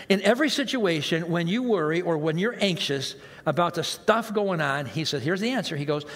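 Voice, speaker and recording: A man preaching a sermon as pastor, animated and self-mocking, acting out the reactions he quotes. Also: on the high side, fast talker. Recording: long hall reverb.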